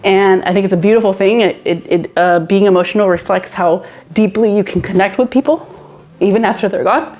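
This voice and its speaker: A woman hosting a casual podcast chat, animated, laughing often and repeating phrases. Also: mid-range voice, fairly quick, lo-fi sound. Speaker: podcast host.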